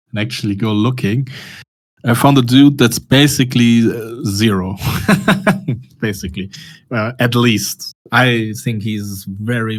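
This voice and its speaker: A man chatting casually as a trader, blunt and quick to laugh. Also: lowish voice. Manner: laughs often, blunt, swears freely. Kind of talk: casual chat.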